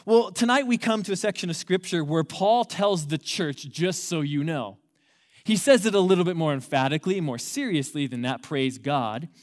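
A man's voice: high-pitched, animated, normal speed, hardly any pauses. A man in his thirties preaching a sermon as a youth pastor, conversational at first and then emphatic, repeating key words for force. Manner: conversational storytelling opener.

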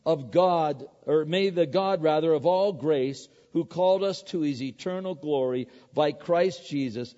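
Male preacher going slow and emphatic, lots of rhetorical questions, echoey muffled sound. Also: fairly high pitch, dark tone. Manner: emphatic, repeats words, asks rhetorical questions. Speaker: pastor. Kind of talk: sermon. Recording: echoey hall, dull lo-fi sound.

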